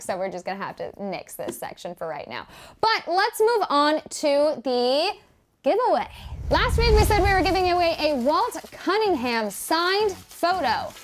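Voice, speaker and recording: A young woman hosting a space news show, presenting to camera with playful, jokey asides to the viewers. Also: high voice.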